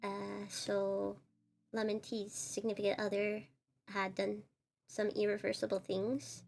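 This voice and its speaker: Woman streamer with vocal fry. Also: medium pitch, monotone, measured pace, a little mellow, a little hiss or hum. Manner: earnest, upset recounting of personal drama. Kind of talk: casual storytelling while drawing.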